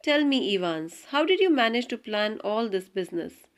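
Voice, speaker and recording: A woman's voice: on the high side, sing-song, normal speed. A woman reading as a dry, wary prison governor.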